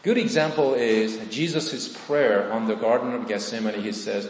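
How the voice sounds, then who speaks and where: A man preaching a sermon as pastor, earnest and emphatic, slowing down on key points. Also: fairly low pitch, roomy sound, big-room sound, rough recording.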